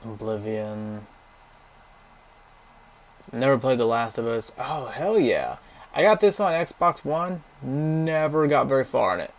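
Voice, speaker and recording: A man's voice: mid-range voice, animated, unhurried, pauses often. A young man casually rambling through a game library, giving blunt, profane opinions and going off on tangents. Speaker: gaming vlogger.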